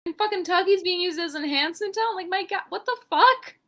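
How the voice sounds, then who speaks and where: A woman's voice: very high-pitched, quick pace. A young woman co-hosting a podcast, recapping wrestling in casual chat, swearing freely and acting out what people said. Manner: animated, swearing, acts out quotes. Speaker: podcast co-host.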